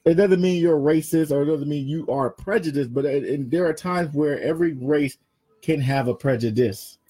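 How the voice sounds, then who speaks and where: A man co-hosting a podcast in casual chat, telling stories in an animated way and acting out other people's voices. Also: on the high side, moderate pace, slightly rough, soft background music, rough recording. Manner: animated storyteller, acts out voices. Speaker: podcast co-host.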